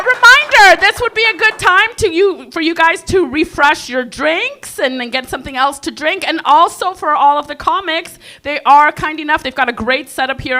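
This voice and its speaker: A woman emcees an open mic comedy night in a very high, bright voice. She keeps the patter upbeat and rallies the crowd between acts. She speaks into a stage microphone in an indoor venue. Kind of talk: live stand-up emcee patter.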